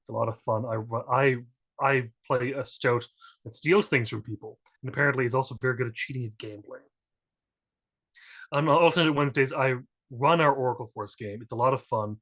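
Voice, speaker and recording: A man's voice: medium pitch, a little fast, a bit bright. Rambling man, jokey. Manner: rambling, self-interrupting, jokey. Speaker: tabletop game player and game master. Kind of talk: casual stream introduction.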